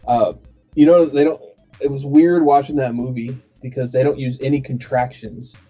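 A man's voice: mid-range voice, steady tone, moderate pace, warm tone, dull audio. A man hosting a casual podcast chat, rambling with many fillers and restarts. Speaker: podcast host. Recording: faint bed music behind.

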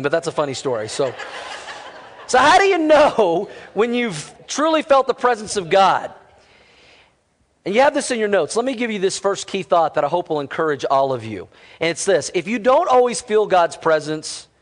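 High-voiced pastor preaching in a hall. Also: male voice. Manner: storytelling, calls on the congregation to respond. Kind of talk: sermon. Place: church auditorium. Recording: long hall reverb.

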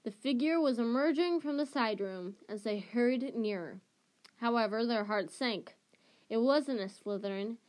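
A woman's voice: on the high side, moderate pace, darkish tone. A woman reading a novel aloud chapter by chapter, often stumbling and correcting herself mid-phrase. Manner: restarts and self-corrections. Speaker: storybook reader.

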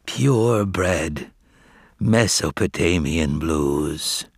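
A weary old tomcat elder croaks out his words, slow and pleading, the voice rising high when pressed, as a man puts him on. The pitch swings widely, from thin and high to sunken and low. It is storybook narration in a dry, close room. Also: animated, no room sound. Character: old male cat elder, weary and proud.

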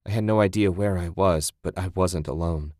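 A man's voice: low-pitched, normal speed, a little mellow, no echo, clean studio sound, close to an everyday voice. A man voicing a shaken young man who pants, shivers and sobs as he speaks. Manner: panting, shaky and sobbing. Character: shaken, battered young man, near breaking.

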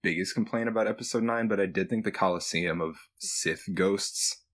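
Man, podcast co-host; deep, breathy, quick and animated casual chat. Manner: quick, animated, laughs often.

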